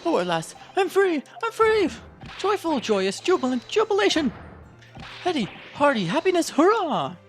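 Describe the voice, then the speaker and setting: A woman voicing an excitable young Japanese man who gushes in theatrical, alliterative outbursts. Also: mid-range voice, fairly quick, faint music behind, voice pushed up. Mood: ecstatic.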